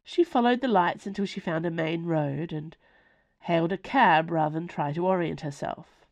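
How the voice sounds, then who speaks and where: A woman reading her own novella aloud in expressive, lively scripted narration. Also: lowish voice, normal speed.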